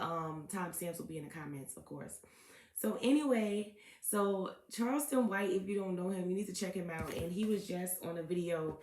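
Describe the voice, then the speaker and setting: A woman tarot reader talking in a casual, chatty vlog, full of "um" and "okay?" asides. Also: fairly low pitch. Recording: echoey room.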